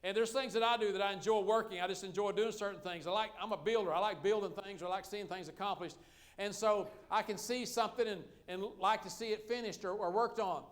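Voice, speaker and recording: A man's voice: high voice, steady tone, a little fast, a bit bright. A middle-aged man preaching a sermon as pastor, folksy and joking with the congregation.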